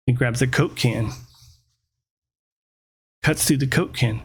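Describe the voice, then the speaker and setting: A man's voice: medium pitch, takes it slowly, gravelly, long pauses, breathy edge. A man, hosting his own show and ranting through a rambling, profane comedic story. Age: 40s. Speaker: host.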